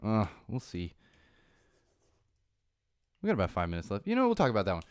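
A Los Angeles podcast host with a fairly low voice and wildly swooping pitch rambles through a casual monologue that turns into an indignant rant. He speaks briskly and smoothly in a dry, studio-quality recording.

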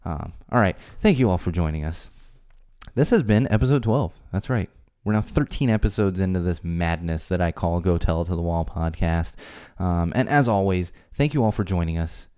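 A man hosts a solo podcast from a home studio. His voice sits a little low and sounds mellow. He rants in an exasperated way, and his pitch leaps up when he gets worked up. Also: expressive, moderate pace, clear, resonant tone. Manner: exasperated ranting, voice climbing high when worked up. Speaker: podcast host.

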